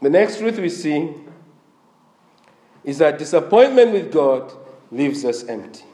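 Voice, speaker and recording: Male pastor, high animated delivery, voice a bit strained, echoey church sound. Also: measured pace. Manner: animated preaching, asks the congregation questions. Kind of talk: sermon.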